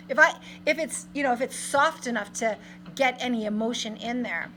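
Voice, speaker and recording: A woman's voice: on the high side, normal speed, a bit bright, a little hiss or hum, low-quality recording. A woman English teacher giving a literature lesson, reading lines aloud and explaining them in plain modern paraphrase.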